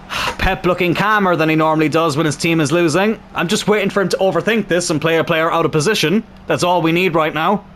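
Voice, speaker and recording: A young man with a high voice and a slightly sore throat narrates his football video game. He calls the play calmly, then erupts into shouting and swearing when goals go in. A faint hiss of noise sits behind him. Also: a little fast. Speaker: gaming YouTuber. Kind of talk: excitable football game commentary.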